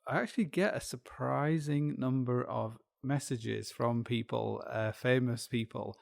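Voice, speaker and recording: A middle-aged man with a Yorkshire accent talks alone into the mic, drifting from one thought to the next with wry, self-deprecating asides. His voice is heavily gravelly, full of fry, and sits at an ordinary pitch for a man. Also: measured pace. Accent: Yorkshire English. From Yorkshire, England. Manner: meandering, self-deprecating, with frequent restarts and asides. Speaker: podcast host. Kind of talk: rambling solo monologue.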